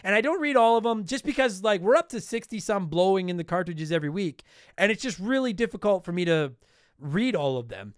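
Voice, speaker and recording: A man with a high, smooth voice hosts a casual podcast and reads listener letters aloud. He slips into profane rants now and then. The sound is close and dry, with no room echo. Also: lively intonation, a little fast. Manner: profane, ranting bursts. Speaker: podcast host reading listener mail.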